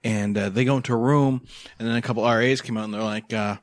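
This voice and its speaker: A man's voice: medium pitch, fairly even intonation, quick pace, dry recording, studio quality. A young man hosting a podcast, telling a crude college story in casual chat. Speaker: podcast host.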